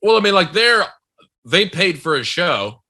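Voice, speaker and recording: A man's voice: sits high, very animated, unhurried, pushed and bright. A young man, a comedian, chatting casually on a podcast and teasing his co-host with jokey impressions. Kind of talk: casual chat, riffing.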